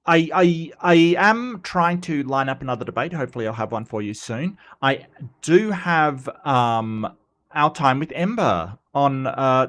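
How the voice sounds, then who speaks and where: Male stream host, mid pitch, joking and rambling, voice a bit rough from a cold. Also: fairly bright tone. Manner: rambling, joking, repeats himself and stumbles. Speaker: host of a commentary channel. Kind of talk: casual livestream commentary.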